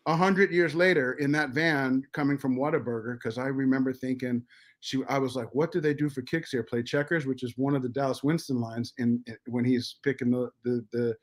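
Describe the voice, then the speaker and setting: Middle-aged American man, podcast guest, animated storyteller who swears freely and restarts his sentences. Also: medium pitch. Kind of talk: casual storytelling.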